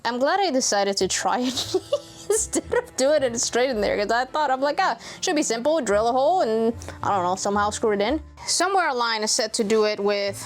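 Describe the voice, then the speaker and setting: A woman's voice: a little fast, soft background music. A woman chatting casually as she narrates a DIY woodworking project at home, thinking aloud and talking to her pets. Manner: chatty, talks to her pets in a high excited voice. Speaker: DIY vlogger.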